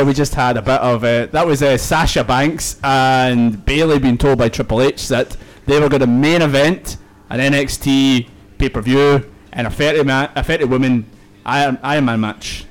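A man's voice: medium pitch, moderate pace. Man hosting a chatty podcast. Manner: stumbling over words, laughing off slips. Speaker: podcast host. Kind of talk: casual podcast chat.

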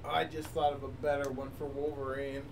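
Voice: mid-range voice, little pitch movement, brisk. A co-host chatting casually on a podcast, playful and laughing often. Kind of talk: casual chat. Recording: distant mic with faint background noise.

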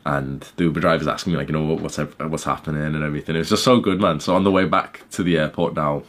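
A man's voice: rumbling low, steady tone, fast, fairly bright tone. A young man casually telling a story in his vlog, rambling with lots of "like" and swearing. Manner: rambling, peppered with "like", swearing, laughing. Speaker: YouTuber.

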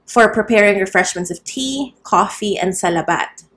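A woman reads a classic novel aloud in a measured storytelling voice. She keeps the narration steady, then jumps her voice up for the excited dialogue. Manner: lifts pitch and volume for quoted characters. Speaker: audiobook reader. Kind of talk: scripted narration.

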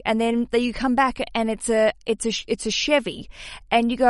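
An Australian woman in her mid-thirties hosting a podcast, chatting casually and animatedly, with frequent swearing and sudden high excited peaks. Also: fairly quick, no echo, clean studio sound. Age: mid-30s. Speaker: podcast host.

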